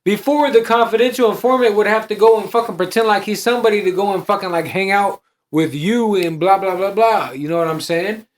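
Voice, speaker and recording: A man's voice: high-pitched, fairly quick. A man co-hosting a podcast, telling street stories in a casual, slangy way, acting out dialogue and swearing often. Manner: streetwise storytelling, acts out dialogue, frequent restarts and swearing. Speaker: podcast co-host. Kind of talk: casual chat.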